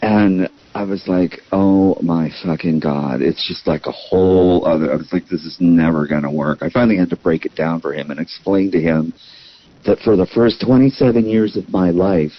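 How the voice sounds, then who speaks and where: A man's voice: low voice, moderate pace, lo-fi sound. A man in his fifties, a guest in a casual chat, blunt and opinionated. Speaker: podcast guest.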